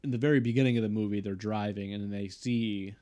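A man's voice: on the low side, fairly even intonation, fast, mellow. Laid-back young man swearing casually. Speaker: podcast co-host. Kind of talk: casual chat.

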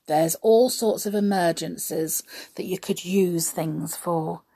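A woman's voice: fairly low pitch, vocal fry, husky. A woman reading a children's story aloud, then chatting in a homely way to her listeners. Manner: chatty, homely, laughing asides.

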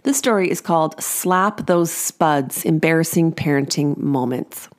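Woman, 40s, podcast host, lower-pitched, wry, chatty, self-amused storytelling. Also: measured pace. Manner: self-amused, laughs at her own jokes; wry, chatty asides to the listener. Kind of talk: reading a personal parenting story aloud.

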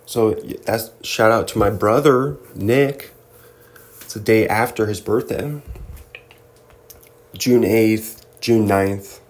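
A man's voice: fairly low pitch, slow pace, long pauses, a little mellow. A young man hosting a casual solo commentary, joking and laughing often as he reads through a list. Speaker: host.

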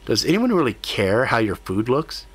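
A man's voice: medium pitch, big pitch swings, normal speed. A man playing a blunt, snarky cat spirit lady. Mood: grumbling. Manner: blunt, grumpy, food-loving. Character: snarky female cat spirit in human form.

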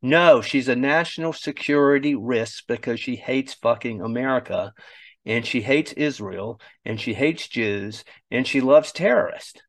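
A man's voice: mid-range voice, unhurried, no echo. A man hosting an opinionated commentary show, blunt, mocking and profane. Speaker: show host.

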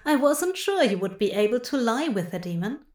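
A woman's voice: on the high side, very animated, moderate pace, reverberant. A woman voicing a sly, seductive fey king. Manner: murmuring, seductive, knowing chuckles.

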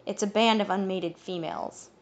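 Woman voicing a calm wise fae elder. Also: medium pitch, moderate pace, close to an everyday voice. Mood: amused.

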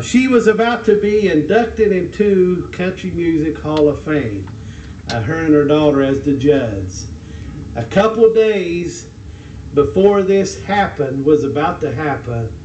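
A man giving a conversational sermon to a congregation, halting often with hesitations as he tells a story. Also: sits high, darkish tone, a little hiss or hum. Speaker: preacher. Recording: roomy echo, distant mic.

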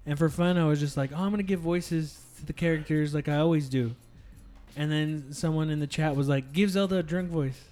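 A man in casual gaming chat, animated and swearing freely as he tells stories from his streams. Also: on the high side, brisk, soft background music. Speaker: podcast co-host, streamer.

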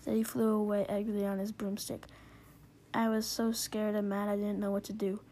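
A woman's voice: mid-range voice, flat delivery, brisk, warm tone. A young woman reading fan fiction aloud with giggly, dramatic line readings. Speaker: reader.

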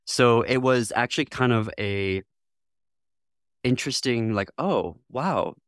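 A man's voice: mid-range voice, fairly even intonation, a little slow, a bit bright, smooth, no room sound, studio quality. A man from Michigan as a guest in an interview, speaking thoughtfully, laughing often and acting out what others said. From Northwest Lower Michigan, US. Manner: thoughtful, laughs often, acts out quoted voices. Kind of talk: reflective interview conversation.

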